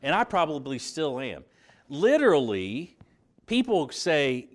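Male preacher, southern Indiana roots, animated pitch, conversational sermon delivery. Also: measured pace. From southern Indiana, USA. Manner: earnest, conversational preaching with fillers and restarts.

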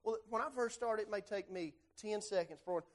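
A man teaching a church Bible class, animated and putting questions straight to the class. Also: high voice, fairly quick.

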